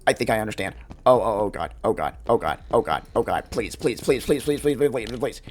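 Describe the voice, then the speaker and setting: A man's voice: lowish voice, expressive, fairly quick, slight background noise. A man commenting on a horror game as he plays, often alarmed and repeating himself. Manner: alarmed, repeats words, laughs. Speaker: gaming channel host. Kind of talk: let's play commentary.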